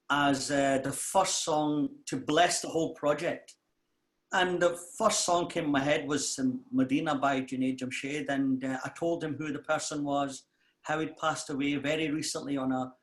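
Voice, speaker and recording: A man's voice: a little high, echoey room. A man with a Glasgow accent, a singer telling stories in a casual interview and acting out what others said. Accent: Glasgow Scottish. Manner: lively storyteller who acts out what others said.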